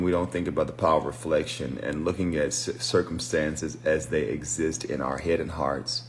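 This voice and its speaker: A preacher and deliverance minister giving a reflective, unhurried livestream teaching, greeting viewers by name as he goes. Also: rumbling low, a little hiss or hum. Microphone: phone livestream.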